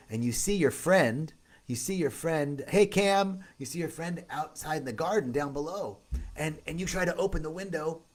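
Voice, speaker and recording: A man hosting a loose, upbeat live stream, greeting viewers by name as he talks. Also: a little high. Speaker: retreat host. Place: outdoor retreat in tropical setting.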